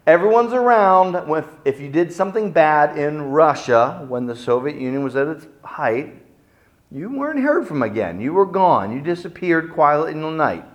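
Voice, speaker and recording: A middle-aged man preaching a sermon, telling stories dramatically and acting out the quotes with big swings in loudness. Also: on the high side, sing-song, normal speed, dull audio. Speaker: pastor.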